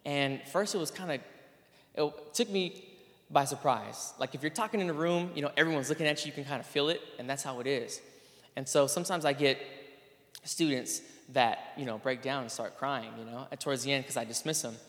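A man's voice: medium pitch, brisk. Earnest man speaking in a reverberant hall. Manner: casual and earnest, many fillers and restarts. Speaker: PE teacher. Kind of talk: spoken testimony to an audience.

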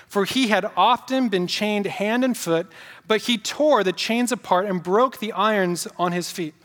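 A man's voice: sits high, fairly bright tone, big-room sound. A male pastor preaching a sermon, emphatic, repeating key points and asking the congregation questions.

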